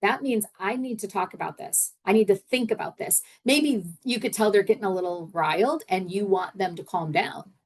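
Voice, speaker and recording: Speaking at medium pitch and normal speed with few pauses, this middle-aged woman runs a leadership podcast. Her coaching is relaxed and chatty; she repeats herself a lot and performs sample phrases aloud.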